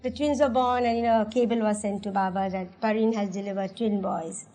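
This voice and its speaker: A woman's voice: mid-range voice, steady tone, brisk, warm tone, rough recording. A woman with an Indian English accent telling family stories in an oral history interview, laughing often and acting out the voices she quotes. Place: religious center.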